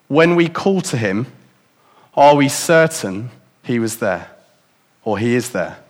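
A man preaching a sermon in a reflective way, asking his congregation many rhetorical questions and dropping softer for emphasis. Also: medium pitch, animated, takes it slowly.

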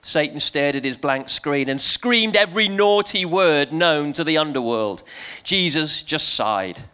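A playful man leading a family church talk, joking and urging the crowd to join in. His voice is high and bright. He talks to the congregation in a lively, coaxing way. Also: measured pace, clear, resonant tone. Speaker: preacher.

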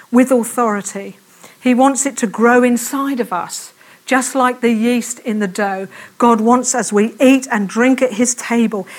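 A woman preaching a fervent sermon in church, speaking quickly and repeating her calls to prayer. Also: fairly high pitch.

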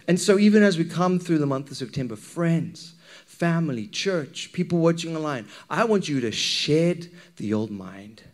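A man's voice: a little high, expressive, measured pace, darkish tone. Candid pastor preaching to his church. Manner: conversational, candid, checks in with the congregation. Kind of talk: sermon.

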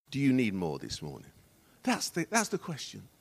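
A middle-aged man preaching a sermon as associate pastor, telling stories and acting out the dialogue, going from hushed to loud. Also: medium pitch, wildly swooping pitch, moderate pace, vocal fry. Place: church hall.

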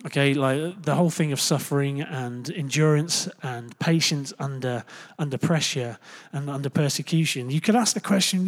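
A young man preaching in a loose, talky way, his voice sitting a little high for a man. He jokes with the room, trips over his words and corrects himself, then pushes on with the point. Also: moderate pace. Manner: chatty and jokey, full of fillers and self-corrections; animated, jumps into loud playful asides. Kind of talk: casual conversational sermon.

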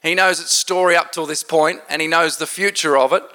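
A man preaching at a church service as a visiting pastor, joking and lively, with a congregation around him. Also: fairly high pitch, brisk. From Australia. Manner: jokey, lively preaching with laughter. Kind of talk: sermon.

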